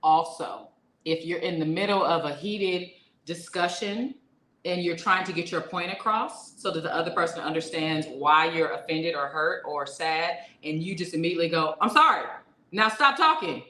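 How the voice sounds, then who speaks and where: A woman co-hosting a podcast in casual chat, animated and laughing often as she reads listener comments aloud. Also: low voice, moderate pace, slight background noise. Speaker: podcast co-host. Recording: echoey room.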